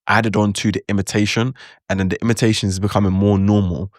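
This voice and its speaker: Casual male vlogger, low-pitched, rambling delivery, dry close mic. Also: little pitch movement, fast talker, no echo. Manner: loose, rambling, with many fillers. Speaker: language-learning vlogger. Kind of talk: casual talk to camera.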